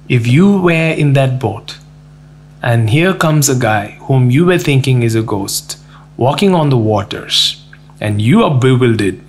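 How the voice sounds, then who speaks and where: A male pastor preaching a sermon, retelling scripture with lively quoted lines. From India. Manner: storytelling, rises high for quoted lines, laughs. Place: church.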